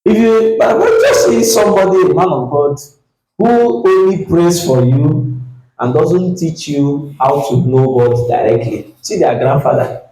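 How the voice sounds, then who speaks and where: A pastor preaching a sermon, reading scripture slowly and acting out the dialogue with energy. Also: male voice, a little high, very animated, warm tone, roomy sound, poor audio. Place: church.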